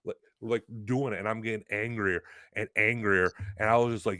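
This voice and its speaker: A man with a lowish voice tells a story from the road in an easygoing, rambling way. He drops "like" into nearly every phrase. The sound is dry and close. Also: fairly quick, few pauses, a bit bright, no room sound. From Western New York, US. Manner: rambling, heavy use of "like". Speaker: guest, pro wrestler. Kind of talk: casual storytelling chat.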